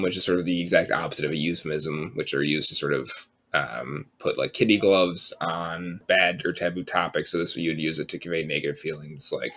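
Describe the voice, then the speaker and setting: A man co-hosting a podcast, talking in a relaxed, rambling way, full of fillers and casual swearing. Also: a bass voice, creaky, a little hiss or hum. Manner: relaxed, rambling, lots of um and sort of, swears freely. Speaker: podcast co-host.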